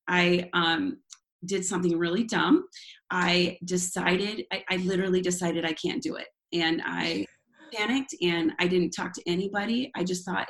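A woman's voice: fairly low pitch, fairly bright tone. A woman who is a worship leader and former youth pastor, telling her personal testimony in an interview in a candid, self-deprecating way with frequent laughs.

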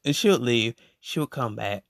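A young man telling a story in a casual podcast monologue, animated and slangy, saying "bro" constantly. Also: medium pitch, normal speed, gravelly, no echo, clean studio sound. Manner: animated and slangy, every phrase ending on "bro".

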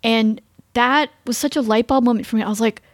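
A woman's voice: a little high, a little fast, no echo, clean studio sound. Bubbly woman podcast host. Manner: bubbly, excited storyteller. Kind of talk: casual chat.

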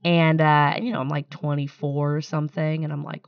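A woman's voice: low-pitched, a little fast, no room sound, dull audio. A young woman, a startup founder, speaking candidly in a podcast interview and telling her story with some emotion.

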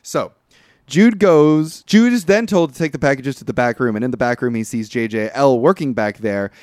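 A man in mid pitch retells a film's plot at length as a podcast co-host, rambling and swearing, with bursts of disbelief. His voice sits close and dry against the mic, with no room around it. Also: moderate pace, no room sound. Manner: rambling, profane, animated retelling. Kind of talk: casual movie recap chat.

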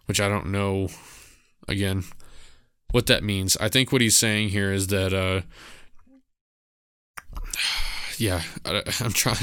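A male podcast host reading passages aloud from a novel and musing on them, hesitant and apologetic, with many pauses. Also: fairly low pitch, a bit bright, clear, resonant tone, dry recording, clean studio sound. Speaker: book club podcast host.

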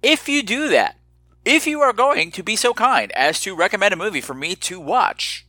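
A man hosting a solo podcast, talking in an animated, theatrical, mock-menacing way and sometimes dropping to hushed asides. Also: high-pitched, normal speed, no room sound. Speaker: podcast host.

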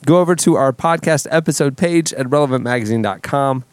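Speaking into a studio mic, this easygoing podcast host moves through segments, plugs and audience call-outs. His voice is medium-pitched and smooth, his delivery brisk, and the recording dry.

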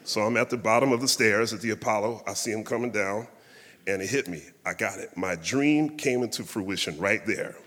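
A man's voice: on the low side, a little fast, a bit bright, big-room sound. A man telling a humorous, self-deprecating story live on a theatre stage.

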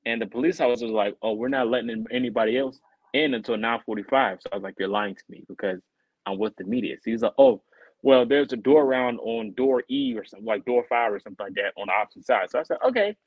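A man co-hosting a podcast, telling a story in a casual, animated way and acting out other people's lines in a higher voice. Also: fast, no echo, narrow, tinny audio. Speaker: podcast co-host.

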